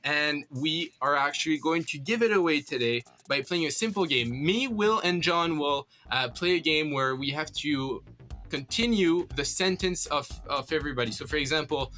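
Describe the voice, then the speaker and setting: A male radio host with a bright, fairly high voice, talking in an upbeat, loose way. He laughs easily and trips over his words, repeating himself as he goes. Music plays softly behind him. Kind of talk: casual radio chat.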